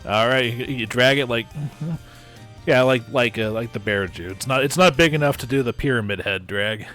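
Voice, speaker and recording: A man's voice: mid-range voice, normal speed, fairly bright tone, soft background music. A man running a tabletop game as game master, describing the action casually with many restarts. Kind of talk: narrating and ruling a tabletop game.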